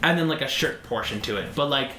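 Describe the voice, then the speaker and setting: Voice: mid-range voice, animated, quick pace, sharp tone. A game master narrating a tabletop game with friends in a loose, giggly way, with lots of fillers. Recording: echoey room, faint noise.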